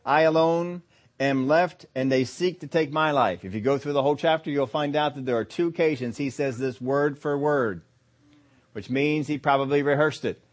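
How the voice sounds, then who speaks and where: A man preaching a sermon, emphatic, slowing down to stress key phrases and acting out quoted complaints. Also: fairly high pitch. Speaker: pastor.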